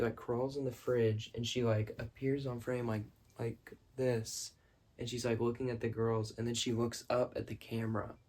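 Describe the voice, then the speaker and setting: A man rambling excitedly about a film in his bedroom at night, breaking off with quick apologies. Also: mid-range voice, creaky. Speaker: vlogger reviewing a film. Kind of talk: rambling casual monologue.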